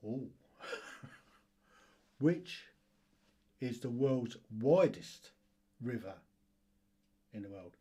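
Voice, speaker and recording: Man, quiz host, chuckly and self-deprecating; husky voice, unhurried delivery. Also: mid-range voice, expressive, warm tone. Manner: chuckling, self-deprecating, reads questions slowly. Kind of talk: casual quiz video.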